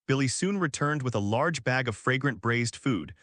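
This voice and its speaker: A man narrating a fan fiction audiobook at a steady, even pace. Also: mid-range voice, normal speed, no room sound, studio quality.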